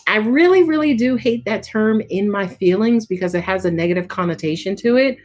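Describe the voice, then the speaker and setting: A woman's voice: mid-range voice, expressive, a little fast. A woman giving a casual live tarot reading, chatty and full of filler words and swearing. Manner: casual, chatty, swears often, frequent "right?" and "um". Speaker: tarot reader.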